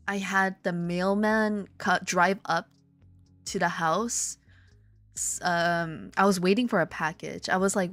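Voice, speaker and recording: Reading out viewer comments, a Korea-based woman streamer keeps things casual, swearing and laughing through lively anecdotes. Every so often she bursts into high-pitched excitement. There's no room sound.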